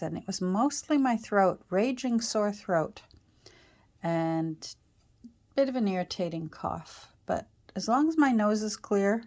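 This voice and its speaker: Slow, chatty Canadian woman crafter. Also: medium pitch. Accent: Canadian, Ontario. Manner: rambling, chatty, with fillers and self-corrections. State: voice slightly off after a sore throat. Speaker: crafter and channel host. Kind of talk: casual chat while crafting. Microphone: own external microphone.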